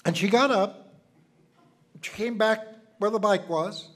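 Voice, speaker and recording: An older man preaching a sermon, telling folksy personal stories and swinging from loud emphasis to hushed asides. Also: sits high, a little slow.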